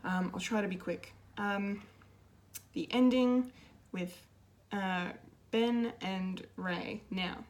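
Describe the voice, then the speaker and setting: A woman's voice: medium pitch, fairly even intonation, takes it slowly. A woman giving an unscripted, emotional film review, gushing and restarting her sentences with many fillers. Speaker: pop culture video reviewer.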